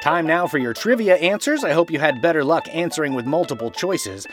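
Lively, fairly high-voiced male podcast host. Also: faint music behind. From Washington state, USA. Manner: playful, corrects pronunciations slowly letter by letter. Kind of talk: scripted podcast narration.

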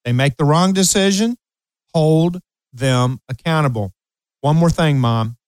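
A man's voice: on the high side, a little slow, a little mellow, clear, resonant tone, no echo, rough recording. A man in his late sixties hosting an advice show, talking emphatically to parents and repeating key phrases. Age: 60s. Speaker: radio show host and coach. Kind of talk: advice talk with personal anecdote.

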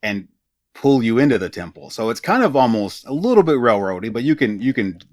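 A man co-hosting a podcast, summarizing game material in a halting, casual way with many filler words. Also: mid-range voice, sing-song, darkish tone, no echo, clean studio sound. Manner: halting, with frequent "uh" and "um". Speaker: podcast co-host.

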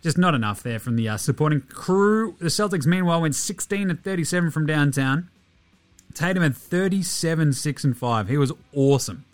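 Aussie guy hosting a sports pod, a bit high-pitched, pumped up and profane, faint music behind. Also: normal speed, dry recording. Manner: energetic, profane, rattling off stats. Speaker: podcast host. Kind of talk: daily sports podcast recap.

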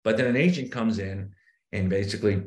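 A man in casual podcast chat, telling sales stories and acting out his phone pitches with shifting tone. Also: a little fast. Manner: animated, acts out sales calls with shifting tone. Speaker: real estate agent, guest. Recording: roomy echo.

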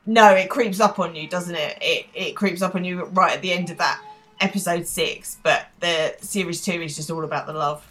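A woman's voice: lowish voice, normal speed, a bit bright, low-quality recording. A married woman co-hosting a podcast, chatting casually and animatedly, laughing and swearing now and then. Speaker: podcast co-host. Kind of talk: casual chat.

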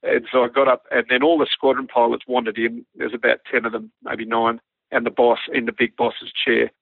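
A man with an Australian accent, a former army pilot, telling a lively anecdote and acting out the dialogue. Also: mid-range voice, fairly quick, vocal fry, breathy edge, no echo. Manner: animated yarn-spinning, acts out quoted dialogue. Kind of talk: storytelling anecdote on radio. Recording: narrow phone-like radio line, dry.

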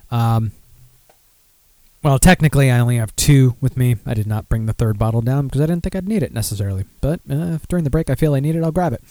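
A man's voice: medium pitch, a little mellow, dry recording. A man hosting a casual beer podcast, rambling and self-deprecating, with lots of fillers and restarts. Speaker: podcast host.

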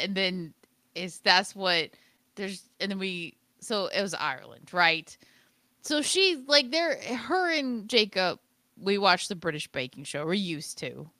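A tired woman co-hosting a podcast, telling stories in an animated, playful way. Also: fairly low pitch, no room sound. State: tired from lack of sleep. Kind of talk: casual chat.

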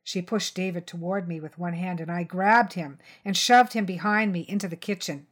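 A woman reading a crime short story aloud in first person, steady and tense. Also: fairly low pitch, moderate pace, hardly any pauses. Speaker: story reader.

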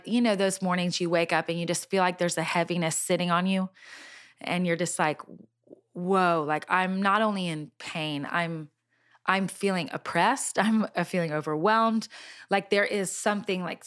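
A middle-aged woman telling a personal faith story in conversation, earnest and animated, with many fillers and restarts. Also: lowish voice, moderate pace. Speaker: Christian singer sharing a testimony.

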